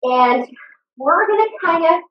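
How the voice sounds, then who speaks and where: A woman's voice: extremely high pitch, expressive, a little slow, recorded from a distance, muffled recording. A woman fitness instructor leading a live online workout, upbeat and encouraging, cheering her class on with whoops. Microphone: video call computer mic. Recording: echoey room, voice a bit off-mic.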